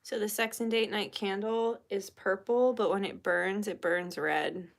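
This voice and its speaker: A woman's voice: medium pitch, fairly even intonation, unhurried, creaky. A young woman vlogging casually as she lights candles for a spell, chatty and swearing freely, sometimes dropping to a whisper. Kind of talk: casual chat.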